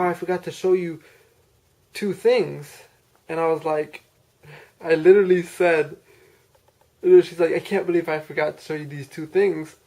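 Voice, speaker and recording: A man's voice: fairly high pitch, vocal fry, mellow. A man casually telling a personal story, rambling, with many fillers and restarts. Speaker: person recounting a dream.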